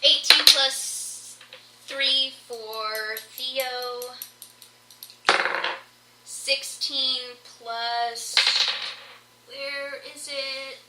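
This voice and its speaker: A woman's voice: high-pitched, steady tone, very slow, long pauses. A woman playing a tabletop game, chatting casually and reacting playfully. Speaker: player. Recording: echoey room, faint noise.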